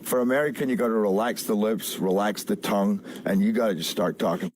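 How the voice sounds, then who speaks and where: A man with a Scottish accent explaining how he works on accents, talking in halting restarts in an interview clip. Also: fairly low pitch, a little mellow, no echo. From Scotland. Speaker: actor interviewed.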